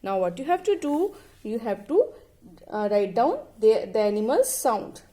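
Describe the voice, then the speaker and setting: A woman's voice: on the high side, sing-song, a little slow, mellow. A woman teacher giving a lesson, who spells words out letter by letter and imitates the animal sounds. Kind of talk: online class lesson.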